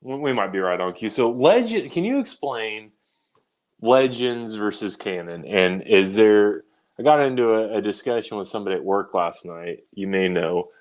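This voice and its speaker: A man's voice: on the low side, animated, moderate pace. A man co-hosting a podcast, blunt and sarcastic in casual chat, with "like" scattered through his talk. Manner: blunt, sarcastic, says "like" a lot. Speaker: podcast co-host.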